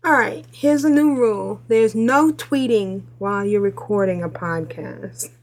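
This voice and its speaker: A woman co-hosting a gaming podcast, talking in an animated, insistent, self-mocking way. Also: mid-range voice, a little slow. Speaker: podcast co-host. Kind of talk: casual gaming podcast chat.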